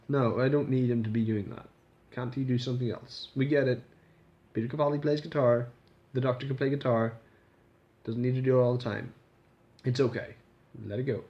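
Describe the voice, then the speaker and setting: A man with a warm, medium-pitched voice rambles through a casual vlog review of a TV episode at normal speed. He swears freely and keeps restarting his sentences.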